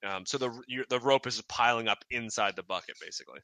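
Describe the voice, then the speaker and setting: A man's voice: mid-range voice, quick pace, sharp tone. A man narrating as dungeon master in a tabletop game, rambling with many fillers and restarts.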